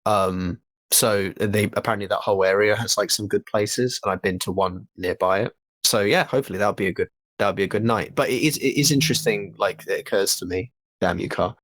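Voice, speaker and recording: A man's voice: fairly low pitch, fairly quick, fairly bright tone, no room sound. A young man rambling through casual podcast chat, with many restarts and fillers. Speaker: podcast co-host.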